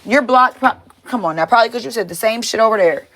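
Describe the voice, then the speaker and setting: A woman's voice: fairly high pitch, fast, fairly bright tone, reverberant, a little hiss or hum, low-quality recording. A woman livestreaming, ranting at her chat in a profane, confrontational way and repeating herself. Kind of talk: heated live-stream rant to chat.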